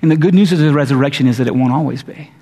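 Animated high-voiced man preaching in a hall. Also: very fast. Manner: casual and animated, frequent restarts and playful asides. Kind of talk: conversational sermon.

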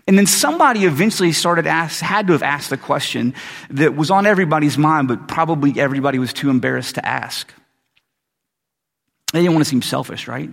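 Pastor guy preaching, kinda breathy and a bit high, jokey and chill, big hall echo. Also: expressive, brisk, fairly bright tone. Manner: casual storytelling, joking asides. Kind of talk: sermon. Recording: long hall reverb.

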